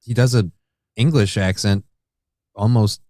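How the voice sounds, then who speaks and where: A man's voice: on the low side, measured pace, dark tone, dry recording, clean studio sound. An American man co-hosting a casual talk show, rambling, swearing loosely and stalling while he hunts for names. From United States. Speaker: co-host. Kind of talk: casual podcast chat.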